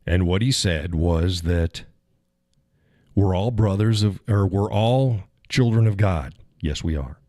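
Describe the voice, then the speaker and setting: Deep-voiced man hosting a casual livestream. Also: slow, mellow, no echo, studio quality. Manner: rambling, chuckles often, answers chat viewers. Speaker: live stream host.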